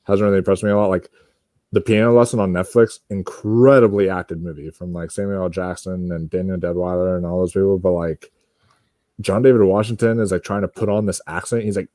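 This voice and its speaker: A man on a casual panel chat, animated and dropping into quick impressions. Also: low-pitched, no echo, clean studio sound.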